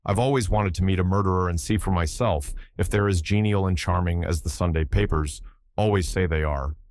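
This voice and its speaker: A man doing a brisk, blunt young lady. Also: low-pitched, a little mellow, dry recording, clean studio sound, close to an everyday voice. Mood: breezy. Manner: brisk and offhand. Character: young woman, brisk, blunt aristocrat's daughter.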